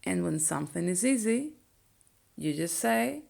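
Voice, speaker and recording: A young woman whose first language is Spanish, teaching phrases slowly and clearly and repeating each one for learners. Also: medium pitch, lively intonation, darkish tone.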